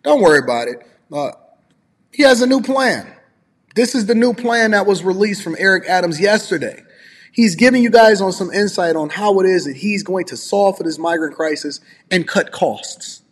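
High husky man ranting sarcastically. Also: moderate pace, big-room sound. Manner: sarcastic, emphatic, slangy. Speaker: commentator reacting to news clips. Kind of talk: ranting commentary.

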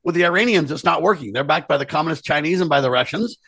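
A man talks politics as a co-host, leaning hard on his points and speaking straight to the audience. His voice is somewhat husky and sits a bit high. The recording is close and dry. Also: lively intonation, fast talker, a bit bright, no room sound. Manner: earnest, emphatic, addresses listeners directly. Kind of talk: political commentary chat.

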